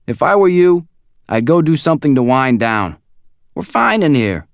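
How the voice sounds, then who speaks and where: Audiobook side part: man doing a pushy, loud supervisor, voice pitched well up from the narrator's, dry booth sound. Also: very animated, moderate pace, gravelly, smooth, dry recording. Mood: brusque. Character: brusque male control-room supervisor.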